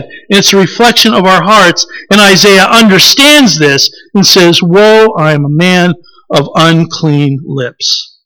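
High, bright-voiced male preacher. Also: rough recording. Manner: reflective, unhurried, with rhetorical questions. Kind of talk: sermon.

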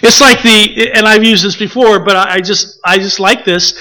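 A man from the preaching a relaxed, conversational sermon, often pausing with filler words and acting out little stories. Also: high-pitched, poor audio. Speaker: pastor.

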